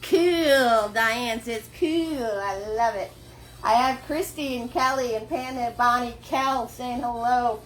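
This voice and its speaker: A woman's voice: a little high, slow pace. A woman leading a live online painting class from her home, chatty and encouraging, laughing often and greeting viewers by name. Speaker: paint party instructor. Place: her home studio, indoors. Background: faint background music.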